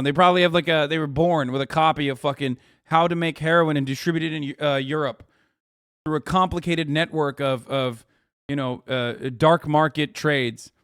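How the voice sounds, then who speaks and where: A man hosts a live political stream, riffing on the news in sarcastic, profane rants. His voice sits fairly high for a man, and the sound is dry and close on a desk mic. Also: clean tone, dry recording. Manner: sarcastic, profane, animated ranting. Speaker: political livestream host.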